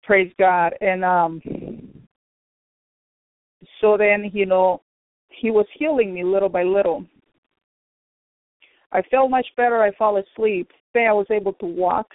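A medium-pitched woman shares her personal faith testimony on the radio, unhurried and with long pauses, earnestly repeating herself and addressing her brothers and sisters. The phone line is tinny and dry, with no echo.

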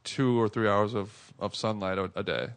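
A man on a casual podcast who keeps tossing in wry jokes and questions. He sounds relaxed and playful as he ribs his co-hosts. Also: on the low side, normal speed, clear, resonant tone. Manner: joking, teasing interjections. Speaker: podcast co-host. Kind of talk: casual chat.

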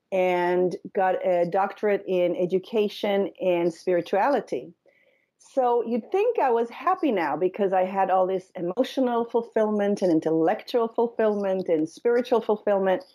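A woman author being interviewed on the radio, talking in a thoughtful, measured way with pauses. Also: mid-range voice, dark tone. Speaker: author and guest.

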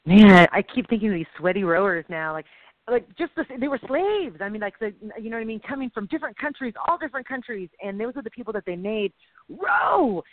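Animated rambling woman on a tinny line. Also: medium pitch, brisk, no room sound. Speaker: podcast co-host. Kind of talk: casual faith talk. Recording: tinny phone-like, dry.

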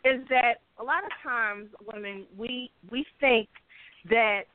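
Woman co-host, emphatic casual talker, a bit high; phone-line audio. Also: takes it slowly. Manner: chatty, emphatic, keeps checking listener agrees. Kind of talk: casual podcast chat.

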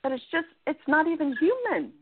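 A woman life coach giving earnest, animated advice as a guest in an interview, often checking in with "right?". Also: sits high, a little fast, no echo. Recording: dry, tinny phone-line sound.

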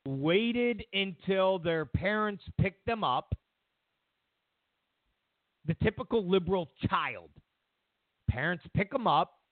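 Male talk host, sarcastic rant, lively high voice, tinny phone-like sound. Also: no room sound. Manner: sarcastic, mocking, ranting. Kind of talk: political commentary monologue.

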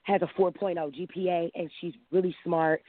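A woman in her thirties calling in, telling a long personal story in a lively way, acting out quotes and laughing often. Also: lowish voice, normal speed, dry recording. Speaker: caller. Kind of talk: casual storytelling. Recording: dry tinny phone line.

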